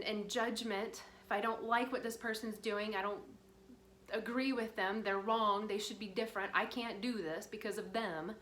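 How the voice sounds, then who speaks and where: A woman's voice: on the high side, fairly bright tone. A woman giving a casual spiritual talk, chatty and rambling, full of fillers. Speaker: spiritual guide. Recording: roomy with faint background noise.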